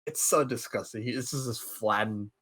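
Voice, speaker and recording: A young man hosting a podcast, casually recapping a film series and jumping into quick impressions of the characters. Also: mid-range voice. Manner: animated, acts out characters' lines in quick impressions. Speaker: podcast host.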